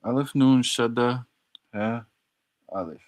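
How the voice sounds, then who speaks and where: A man's voice: medium pitch, slow pace, darkish tone. A man on a casual livestream practicing Arabic words, repeating them over and over in a slangy, playful way. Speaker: streamer learning Arabic.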